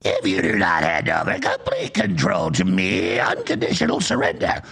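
A man putting on the voice of a menacing male cartoon villain commander, slow and growling, with a mocking laugh. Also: low voice, wildly swooping pitch, gravelly, fairly bright tone, breathy edge, voice pushed down, exaggerated voice.

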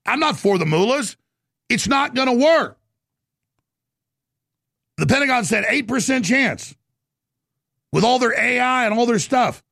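Gravelly ranting male radio host. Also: very high-pitched, lively intonation, no room sound, clean studio sound. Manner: ranting, shouting, rapid-fire. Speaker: radio talk show host. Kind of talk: heated political monologue.

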